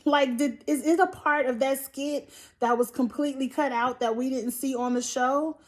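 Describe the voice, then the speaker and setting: A woman's voice: sits high, fairly even intonation, normal speed. A woman giving a blunt, profane, exasperated recap of a reality show, sighing and laughing between her points. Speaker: TV show reviewer.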